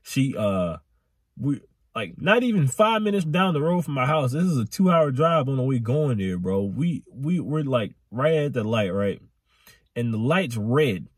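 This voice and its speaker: A man's voice: medium pitch, unhurried, slightly rough, no room sound, clean studio sound. A young man rambling through a storytime vlog, repeating himself and dropping slang as he goes. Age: young adult. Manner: animated, rambling, repetitive slang. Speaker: vlogger.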